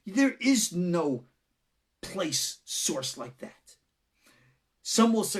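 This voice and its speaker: A man's voice: a little high, animated, takes it slowly, long pauses, a bit bright. A man with a Long Island New York accent, a rabbi giving an unscripted, joking teaching with dramatic turns. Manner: joking, dramatic, breaks into laughter.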